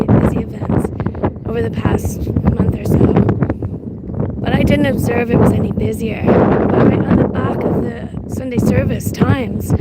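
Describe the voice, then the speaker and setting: A woman live-streaming from outdoors, chatting casually to her viewers in a rambling, halting way. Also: a little high. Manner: rambling and halting, full of restarts. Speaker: livestreamer. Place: outdoors on a windy street. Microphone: phone livestream, audio only. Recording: loud wind and street noise.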